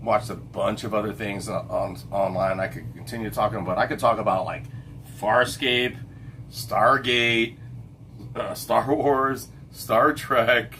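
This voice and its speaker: A man's voice: fairly low pitch, steady tone, measured pace, pushed and bright, a little hiss or hum. A middle-aged man hosting a casual late-night livestream chat, rambling and stopping to hunt for names with lots of fillers and restarts. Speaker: livestream host.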